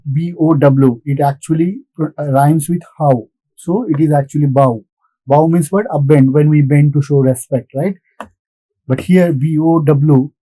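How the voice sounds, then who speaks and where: A man's voice: fairly high pitch, warm tone, no room sound, poor audio. Man giving a patient lecture. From India. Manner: patient, repetitive, asks and answers his own questions. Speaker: English lecturer. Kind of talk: recorded classroom lecture.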